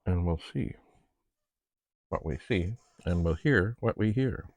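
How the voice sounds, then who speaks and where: Deep gravelly-voiced man narrating his tinkering. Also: animated, slow pace, darkish tone, no room sound. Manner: chatty, narrates each step, playful asides. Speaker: vlog host testing vintage computers. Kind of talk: casual narration while working.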